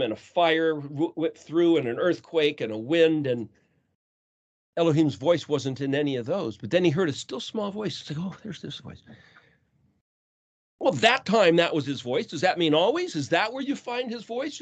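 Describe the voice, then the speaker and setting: A man teaching scripture in an earnest way, asking many rhetorical questions. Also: fairly high pitch. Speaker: teacher of a scripture study call. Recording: dull lo-fi sound.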